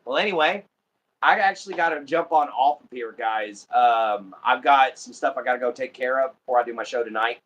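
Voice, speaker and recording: A man's voice: medium pitch, a little fast, fairly bright tone, dull audio. An American man hosting a casual livestream, chatting and laughing often as he greets viewers. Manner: laughs often, friendly sign-offs. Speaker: livestream host.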